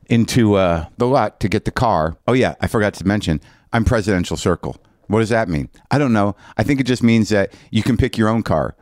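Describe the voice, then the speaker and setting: An older comedian with a lowish, slightly mellow voice does stand-up, recorded at studio quality with no room sound. He rants through a long, self-mocking story and acts out both sides of the conversation.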